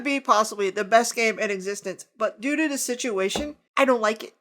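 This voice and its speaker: A woman's voice: fairly high pitch, a little fast, hardly any pauses, fairly bright tone. A woman hosting a board game unboxing channel, talking casually with emphatic rants and joking asides. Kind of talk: casual review monologue.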